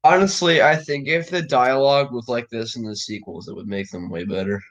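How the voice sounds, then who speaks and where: Young man, sarcastic, laid-back, swears casually, mid-pitched voice. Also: a little fast, a bit bright, highs cut off. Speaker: co-host reacting to a video. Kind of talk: casual riffing commentary.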